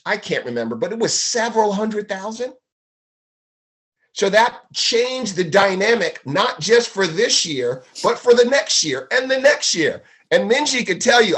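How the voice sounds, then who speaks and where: A man's voice: a little high, a bit bright. A man hosting an online webinar, telling a long story with restarts and emphasis. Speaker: host.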